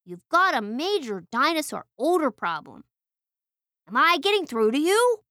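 A woman voicing a brash, fed-up little bird who scolds in a high voice. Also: sing-song, normal speed, sharp tone, no room sound, clean studio sound, full character voice. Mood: scolding.

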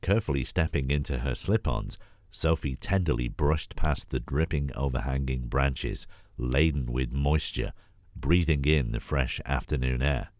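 A man with a cold and a husky voice, gently narrating a storybook as an audition. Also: rumbling low, unhurried, no echo, studio quality. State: has a cold. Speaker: voice actor auditioning.

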